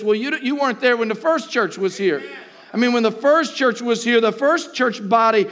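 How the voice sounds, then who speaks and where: A man preaching a sermon as pastor, swinging between loud shouts and low, quiet stretches, repeating words and calling out to the congregation. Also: normal speed. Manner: impassioned preaching, rising to shouts and dropping low.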